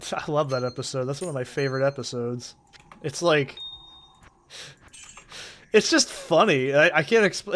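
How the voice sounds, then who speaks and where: A man's voice: medium pitch, fairly bright tone. A man with a stuffy cold, casually rambling and swearing through gameplay commentary, heavy on "like" fillers. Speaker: gaming channel host.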